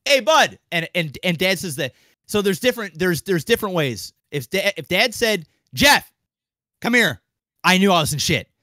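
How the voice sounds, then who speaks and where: Fast-swearing young man telling a story. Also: high-pitched, no room sound. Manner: animated, acts out quoted voices, swears freely. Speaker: podcast co-host. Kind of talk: casual storytelling.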